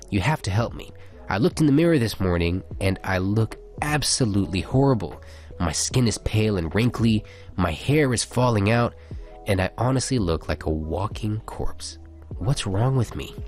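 Low-voiced young man reading jokes aloud. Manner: reads jokes in a dry storytelling tone, laughs often. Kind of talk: casual chat, reading aloud.

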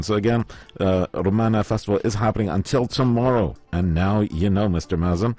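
Speaking fairly quickly in a lowish, warm voice, a morning radio host with a slight lisp chats casually live from the studio and reads listener messages. The studio microphone captures no room sound.

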